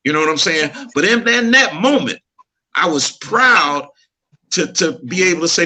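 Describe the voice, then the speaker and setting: A middle-aged man with a very bright, fairly high voice talks in a relaxed chat. He preaches earnestly and tells a personal story, laughing easily as he goes. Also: normal speed. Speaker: podcast co-host.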